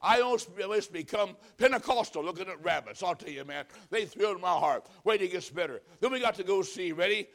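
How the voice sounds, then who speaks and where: A man preaching a sermon, telling folksy stories and swinging from loud punchlines to hushed pleading. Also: high-pitched, expressive, fairly quick, creaky, hardly any pauses. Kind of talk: humorous sermon.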